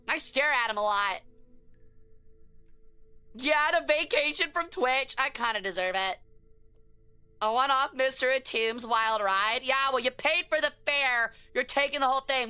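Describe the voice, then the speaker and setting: A woman's voice: sits high, measured pace, pauses often, bright, forceful tone, smooth. A woman streamer chatting casually on a live stream, slangy and joking as she reacts to chat, with faint music behind her.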